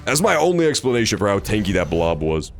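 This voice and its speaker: A male game streamer with a low voice that swings widely in pitch as he jokes and reacts sarcastically. Game music plays clearly under his talk. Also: quick pace. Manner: joking, sarcastic, animated reactions. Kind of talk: casual gameplay commentary.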